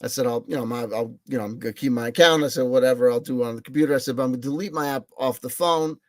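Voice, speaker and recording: A man vlogging in a rambling casual monologue, excitable and self-mocking, repeating himself, swearing and laughing as he talks. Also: medium pitch, rapid-fire, no echo.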